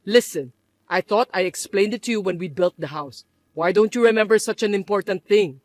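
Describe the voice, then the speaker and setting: A level-headed grown son, as a woman puts him on in a story drama. He talks low, soft and patient, steady against the shouting around him, in a dry close recording. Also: a little fast, no room sound, lightly acted. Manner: calm, patient, lower and softer.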